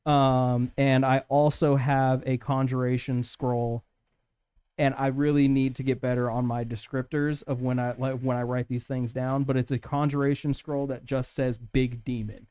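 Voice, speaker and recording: A man's voice: mid-range voice, level tone, normal speed, dark tone, clean tone. A young man playing a tabletop game, talking casually and thinking aloud as he declares his moves. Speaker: player.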